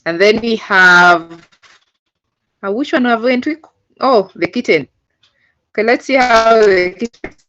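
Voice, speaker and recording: Slow patient woman teaching. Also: fairly high pitch, a bit bright. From Uganda. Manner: patient, explains step by step with many fillers. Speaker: coding teacher. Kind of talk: online class instruction. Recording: dull lo-fi call audio.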